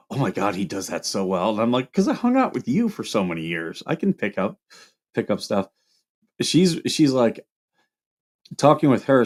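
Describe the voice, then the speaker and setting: A man's voice: mid-range voice, darkish tone. A man hosting a casual livestream, reading viewer questions aloud and answering them in a loose, rambling way.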